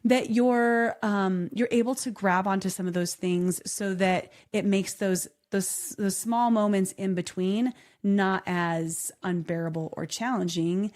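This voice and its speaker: A woman's voice: mid-range voice, steady tone, unhurried, a little mellow. A woman co-hosting a podcast, chatting candidly and telling stories with laughter and animation. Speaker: podcast co-host. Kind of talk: casual podcast chat.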